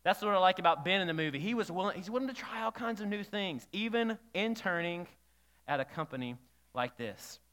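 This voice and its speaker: Guy preaching in a church hall, bright clear voice, chatty with the crowd, lots of reverb. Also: sits high, expressive, a little fast. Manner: conversational, engages the congregation with questions. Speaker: pastor. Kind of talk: sermon.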